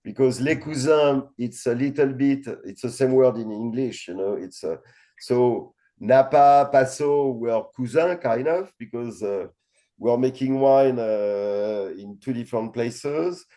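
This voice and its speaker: A man's voice: medium pitch, unhurried, warm tone. A middle-aged man from France with a French accent, a winemaker guest talking casually with many fillers and blunt swearing. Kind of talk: casual interview chat.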